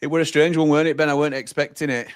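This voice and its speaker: A man's voice: a little high, little pitch movement, racing, clear, resonant tone. A man co-hosting a football watch-along, chatting casually and reading out viewer comments. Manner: chatty, reads out viewer messages.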